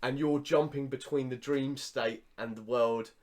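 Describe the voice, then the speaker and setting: A man's voice: mid-range voice, fairly even intonation, a little slow, a little mellow. Guy on a podcast, acts out his reactions, chatty. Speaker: podcast co-host. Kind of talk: casual chat.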